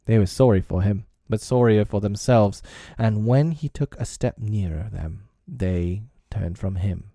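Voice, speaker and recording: A man reading a children's classic aloud as narrator, with gentle, expressive storytelling. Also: on the low side, unhurried, few pauses, no room sound, clean studio sound. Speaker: audiobook reader.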